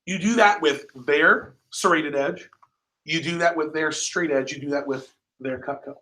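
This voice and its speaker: A man's voice: on the high side, moderate pace, bright, forceful tone. A man leading a sales training session, talking with energy and quizzing his group with questions. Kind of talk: training seminar talk. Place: training room. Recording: echoey room, mic far off.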